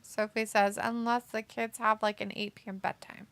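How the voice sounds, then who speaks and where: A woman's voice: medium pitch, little pitch movement, moderate pace, fairly bright tone, no room sound. A woman co-hosting a casual watch-along stream, chatting, teasing and reading viewer comments aloud. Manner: giggly, teasing.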